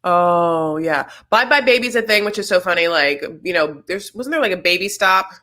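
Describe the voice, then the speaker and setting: A woman's voice: on the low side, expressive, normal speed, pushed and bright. A woman co-hosting a casual reality TV recap show, chatty and gossipy, calling people honey. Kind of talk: casual chat.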